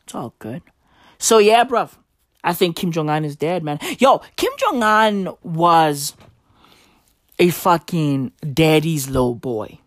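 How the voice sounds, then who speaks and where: A woman's voice: sits low, lively intonation, slow, no room sound, clean studio sound. A woman doing a rambling, profane comic monologue in a slangy dude persona.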